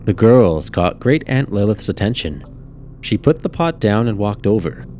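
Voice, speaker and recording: A man calmly reading a story aloud as narrator. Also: fairly low pitch, normal speed, soft background music.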